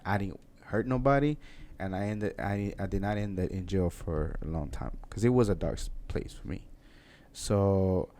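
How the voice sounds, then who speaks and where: A man's voice: on the low side, darkish tone. A man hosting a casual podcast interview, laid-back and encouraging, laughing easily. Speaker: podcast host.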